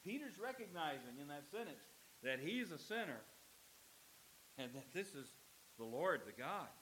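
Male pastor, emphatic sermon delivery with dramatic pauses, slightly high voice, light hiss. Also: big pitch swings, pushed and bright, low-quality recording. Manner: emphatic preaching, dramatic pauses, acts out quoted lines.

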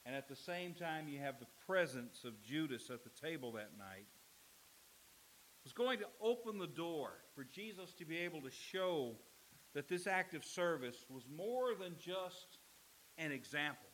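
A man preaching a sermon as pastor, with emphatic delivery, dramatic pauses and acted-out quoted lines. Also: a little high, very animated, a bit bright, a little hiss or hum, poor audio.

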